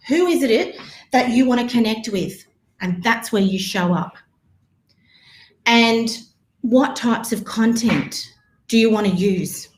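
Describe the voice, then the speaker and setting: Upbeat woman coach with a bright high voice, roomy echo around her, chatty teaching delivery. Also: unhurried. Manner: energetic, chatty, addresses audience as guys. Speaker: marketing coach presenting. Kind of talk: live online workshop talk.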